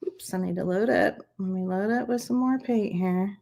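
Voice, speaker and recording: A woman with a mid-range, gravelly, dark-toned voice at normal speed hosts a live craft stream. She chats encouragingly, talking viewers through each step as she demonstrates it.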